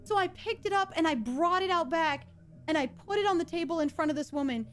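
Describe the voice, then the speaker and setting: A woman narrating a first-person work story in a lively way, with small stumbles. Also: very high-pitched, fairly quick.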